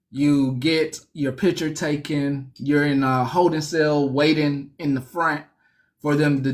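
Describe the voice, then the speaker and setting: A comic storyteller telling a jail story in a casual, conversational way. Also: mid-range voice. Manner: animated, conversational, laughs often.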